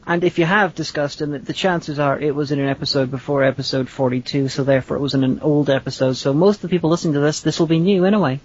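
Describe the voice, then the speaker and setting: A woman's voice: low-pitched, fairly even intonation, quick pace, few pauses, a little mellow. A woman co-hosting a podcast, asking curious questions in a blunt, casual manner with frequent swearing. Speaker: podcast co-host. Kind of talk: casual chat. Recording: dull lo-fi podcast audio.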